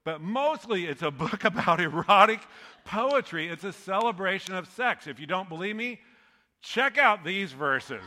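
A man's voice: sits high, lively intonation, moderate pace, bright, forceful tone. Guy preaching a sermon, chatty and jokey, laughs at his own bits, big echoey church hall. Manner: conversational, joking, laughs at his own lines. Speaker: pastor. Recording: long hall reverb.

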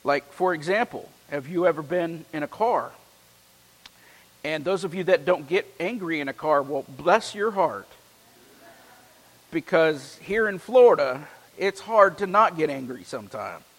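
In a church with long hall reverb, a pastor with a fairly high voice preaches a sermon, reading scripture with strong emphasis before slipping into easygoing, joking asides with the congregation. His delivery is animated and unhurried.

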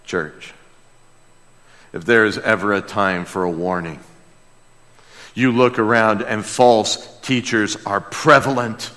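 A man's voice: lowish voice, slow, long pauses. Passionate preacher man in a reverberant hall. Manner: passionate, swings from hushed to crying out. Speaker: pastor. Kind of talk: sermon.

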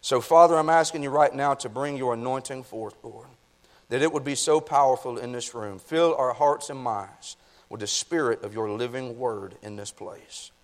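A man's voice: medium pitch, normal speed. A man preaching a sermon as pastor, reading scripture and praying, folksy and addressing the congregation directly. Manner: folksy, talks to the congregation with "y'all". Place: church sanctuary.

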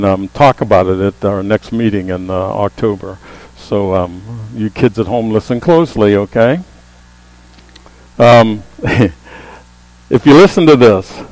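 A man preaching a sermon as a pastor, with emphatic calls that rise to the congregation and a low hum under the voice. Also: a little mellow, no echo, poor audio. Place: church sanctuary.

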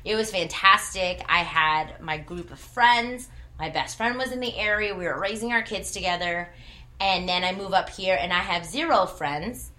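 A woman's voice: lowish voice, normal speed, bright, forceful tone. A woman in her thirties who worked in church ministry, telling a personal testimony with earnest storytelling and quoted dialogue.

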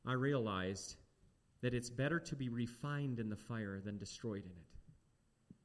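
A man preaching a sermon, animated and talking straight to the congregation with questions. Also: medium pitch, measured pace.

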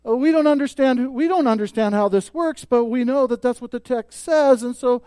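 A man preaching a sermon as pastor, emphatic, swelling loud on key points and dropping soft. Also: extremely high pitch, brisk, clean tone, no echo.

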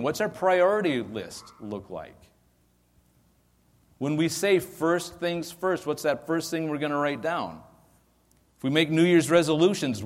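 Preaching man in a reverberant hall. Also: mid-range voice. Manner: earnest, rhetorical questions, slows to stress verses. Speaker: pastor. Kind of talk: sermon.

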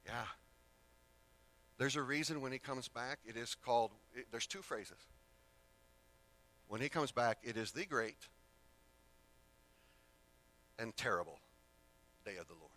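Guy preaching a sermon, loose and chatty, sidetracks and fixes himself, bright forceful voice. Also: mid-range voice, moderate pace, pauses often. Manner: casual, rambling asides, self-correcting.

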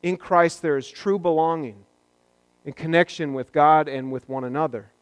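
A man's voice: fairly high pitch, normal speed, smooth, no room sound. A man preaching a sermon as a pastor, talking in a conversational way with joking asides.

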